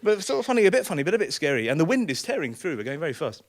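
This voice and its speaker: A man's voice: a little high, sing-song, rapid-fire, few pauses. A man telling a comic personal story on a small theatre stage, self-deprecating and laughing through his lines.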